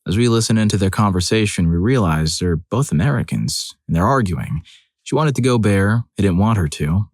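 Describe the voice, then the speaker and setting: A man with a low voice reads out listener stories in a scripted narration style, putting on the characters' quoted lines as he goes. The recording is close and dry, with no room sound around him. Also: animated, normal speed, dry recording.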